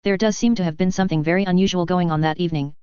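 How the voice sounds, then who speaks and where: A woman voicing a wise, very old male wizard headmaster who talks in a measured, courteous way. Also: fairly low pitch, steady tone, warm tone, clean tone, dry recording, dull audio, close to an everyday voice.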